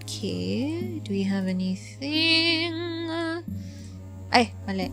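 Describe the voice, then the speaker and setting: Her voice is on the high side, expressive and gravelly with a fairly bright tone, delivered at a slow pace over soft background music. The young Filipino VTuber, speaking with a Filipino accent, giggles and chats through her game stream, switching between English and Tagalog and reading game text aloud.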